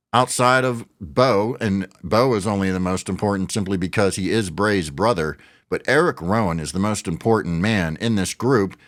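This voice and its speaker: Man, middle-aged, wrestling commentator, ranting, swearing, fairly low voice, dry sound. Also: fairly bright tone, dry recording. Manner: frustrated, profane venting.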